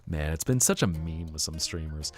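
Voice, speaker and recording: A man's voice: extremely low pitch, lively intonation, unhurried, faint music behind. A man streaming live, chatting casually with his viewers in a playful, teasing way. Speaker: VTuber streamer.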